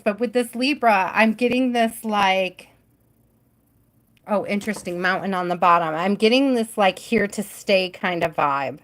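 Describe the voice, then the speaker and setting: Woman doing a live tarot reading, casual and giggly, lots of "like" and trailing off, mid pitch. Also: unhurried, a bit bright. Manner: chatty and giggly, often trailing off with "like". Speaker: tarot reader hosting a live stream.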